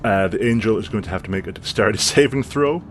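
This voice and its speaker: A man running a tabletop game as game master, narrating the action in a vivid, relaxed way with many fillers. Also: on the low side, fast, faint music behind.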